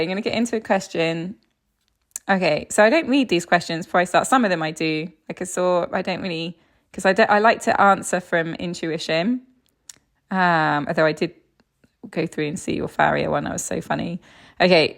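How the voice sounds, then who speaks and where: A woman's voice: medium pitch, vocal fry. A woman working as an animal communicator, talking through a reading in a chatty way with lots of fillers and frequent laughs. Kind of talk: casual spoken reading.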